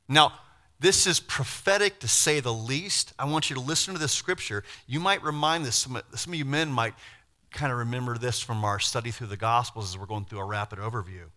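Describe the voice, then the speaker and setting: A man pastor preaching a sermon, lively, acting out Bible figures in quick voices and putting questions to the congregation. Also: medium pitch. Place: church.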